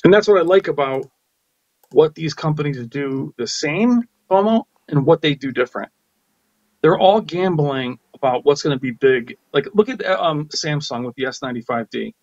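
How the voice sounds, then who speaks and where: An opinionated man co-hosts a live tech chat, speaking with enthusiasm in a slightly higher voice. His sound is a bit dull and muffled. It is also dry, with no room echo. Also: lively intonation, normal speed. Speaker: co-host.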